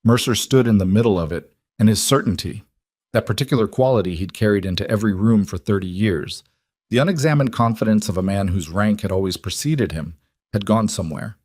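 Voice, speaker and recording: A man narrates a dramatic story in a measured, deliberate way, leaning on pauses. His voice is low. The recording is dry and close. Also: a little mellow, no room sound.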